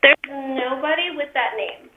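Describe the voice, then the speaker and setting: A woman working in an apartment office, speaking firmly and formally over the phone and pressing for details. Her voice sits slightly high. It comes through a tinny, narrow phone line. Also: measured pace, noisy background. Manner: firm, formal, insistent. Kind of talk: phone call.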